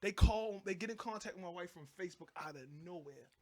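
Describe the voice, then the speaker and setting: A man from Baltimore, a guest telling a story in casual chat, animated and acting out the people in it. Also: high voice, fast talker, crowd noise. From Baltimore, USA. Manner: animated, acts out voices in his stories, laughs often. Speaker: guest, Christian rapper.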